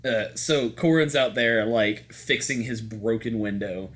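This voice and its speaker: A young man narrating as game master, casual and joking with many halting restarts. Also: lowish voice, fairly bright tone, slight background noise.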